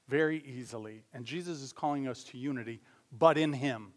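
Male, pastor, sermon, conversational, self-correcting, slightly high pitch. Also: lively intonation. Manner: conversational preaching with quick asides and self-corrections; acts out voices in anecdotes.

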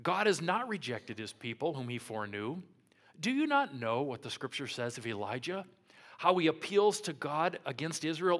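A man pastor preaching a sermon, telling a Bible story with dramatic swings from loud taunting lines to hushed, near-whispered ones. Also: medium pitch, very animated, normal speed.

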